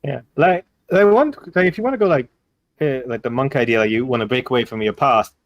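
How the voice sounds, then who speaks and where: A young man with an Indian English accent, running a casual tabletop game session as dungeon master. He rambles through ideas with lots of "like" and restarts, and adds quick jokes. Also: mid-range voice, expressive, no echo.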